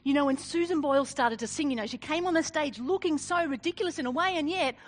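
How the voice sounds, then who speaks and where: A woman giving a sermon, telling a personal story in an animated, self-deprecating way with frequent laughs. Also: sits high, fast talker. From Australia. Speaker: speaker.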